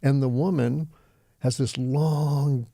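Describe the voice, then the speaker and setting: Gravelly older man telling vivid stories. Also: medium pitch, slow pace, no room sound, studio quality. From Texas, US. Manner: vivid, animated storytelling. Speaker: yoga teacher, interview guest. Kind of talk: storytelling interview.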